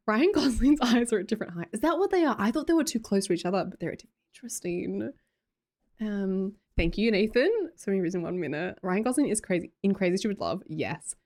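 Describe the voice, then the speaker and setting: Young Australian woman, casual livestream chatter, quick to laugh and squeal. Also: expressive, a little mellow. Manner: chatty, laughs often, breaks into high squeals. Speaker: streamer. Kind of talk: casual chat reading live chat.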